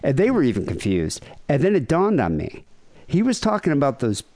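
Animated, profane man telling a story. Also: a little high, a little fast, no echo. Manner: animated, profane, mimics people in quotes. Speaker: podcast co-host. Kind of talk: casual storytelling chat.

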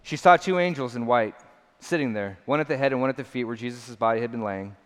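Pastor, male, earnest emphatic sermon delivery, mid-pitched voice, long church-hall reverb. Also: fast talker. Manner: earnest, emphatic preaching with repeated phrases.

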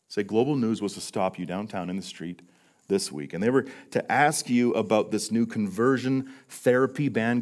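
Earnest preaching man, hushed to emphatic. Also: fairly low pitch. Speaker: pastor. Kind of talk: sermon.

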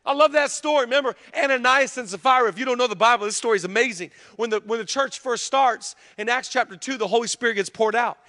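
Pastor guy preaching, really high bright voice, talks casual then gets loud, big echoey hall. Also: fast, hardly any pauses. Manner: conversational, builds to loud preaching. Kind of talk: sermon. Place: large church hall. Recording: long hall reverb.

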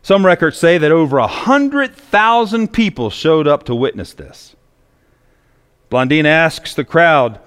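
A man's voice: fairly high pitch, animated, a little slow, a bit bright, clean tone. A male pastor preaching a sermon in a church, telling stories with emphatic repetition. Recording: long echoey reverb.

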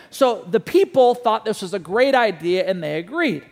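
A man preaching a sermon, telling a story with animated delivery and putting questions to the listeners. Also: high-pitched, normal speed, few pauses, long reverb tail. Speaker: pastor.

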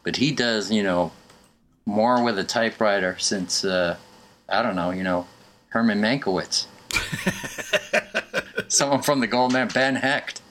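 A man's voice: on the low side, measured pace, pauses often, a bit bright, a little hiss or hum. A man co-hosting a casual movie chat, rambling and laughing often. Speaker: podcast co-host.

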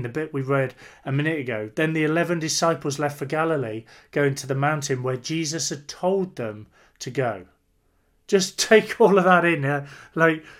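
A man's voice: fairly high pitch, fairly bright tone. A man preaching a sermon in an earnest, emphatic way, repeating phrases for weight.

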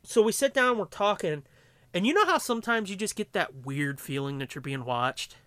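Man, podcast co-host, lively storytelling, bright tone, dry close mic. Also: high voice, moderate pace, clean tone, no echo. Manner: animated, profane storyteller doing voices in quotes. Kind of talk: casual storytelling chat. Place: podcast studio. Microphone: studio mic up close.

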